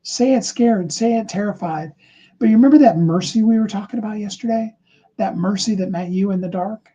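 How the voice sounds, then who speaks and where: A man's voice: sits high, fairly quick, dark tone, husky, lo-fi sound. A man giving a motivational livestream talk, speaking earnestly and encouragingly to his viewers. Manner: earnest, encouraging, acts out short sample dialogues.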